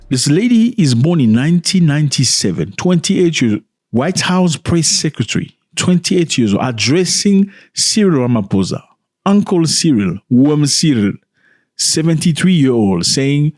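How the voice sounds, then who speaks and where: A man from Africa hosting a reaction commentary, animated and indignant, repeating lines for emphasis. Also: a little high, normal speed, no echo, studio quality. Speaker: commentary channel host.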